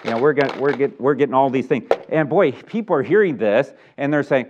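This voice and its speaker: A man preaching a sermon in a church, animated and playful, acting out scenes with sound effects. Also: medium pitch, brisk, hardly any pauses, dull audio. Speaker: pastor.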